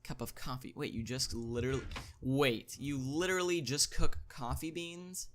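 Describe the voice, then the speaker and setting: A man hosting a gaming video, thinking aloud as he plays, chatty, with excited interjections. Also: mid-range voice, moderate pace, slight background noise. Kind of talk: casual gameplay commentary.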